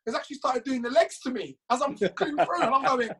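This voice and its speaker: Male guest with a raised voice, bright tone, chatty storytelling, swears, laughs at his own tales. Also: very high voice, lively intonation, fairly quick, slightly rough, poor audio. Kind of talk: casual storytelling.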